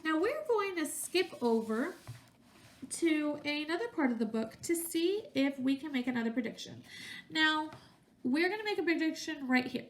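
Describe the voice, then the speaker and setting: A woman's voice: high-pitched, expressive, moderate pace. A woman teacher reading a picture book aloud to young children, stopping to ask questions and using voices for the characters.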